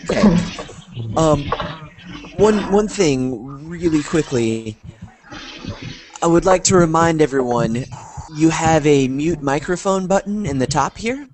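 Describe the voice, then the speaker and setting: Slow-talking male English teacher. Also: a little high, animated. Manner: slow, friendly, checks in with "right?". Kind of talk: online class conversation. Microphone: video call.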